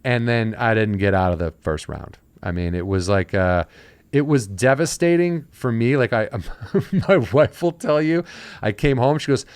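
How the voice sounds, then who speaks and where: A man's voice: medium pitch, expressive, moderate pace, clean tone, dry recording. A man hosting a casual podcast chat, telling stories and acting out the people he quotes. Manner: storytelling, acting out quoted voices. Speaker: podcast host.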